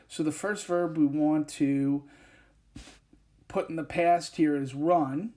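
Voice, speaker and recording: Explaining English grammar step by step in a whiteboard recording, a man pauses a lot and uses fillers. His voice leans high, with a darkish tone.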